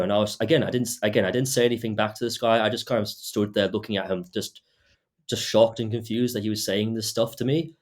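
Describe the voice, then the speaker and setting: Casting: young male podcast host, low-pitched voice, halting casual storytelling, lots of "um". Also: fairly even intonation. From Britain and Australia. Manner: hesitant, many fillers and restarts.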